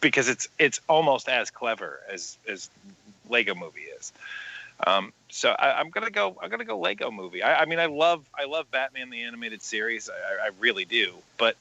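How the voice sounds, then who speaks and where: Man, podcast co-host, halting repeats, very bright tense voice, dull lo-fi audio. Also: medium pitch, animated, creaky. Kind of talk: casual podcast chat.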